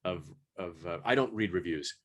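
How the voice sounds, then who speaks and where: A man who is an audiobook narrator and stage actor, talking on a panel in a halting way with many fillers and restarts. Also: low-pitched, fairly bright tone. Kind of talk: panel discussion.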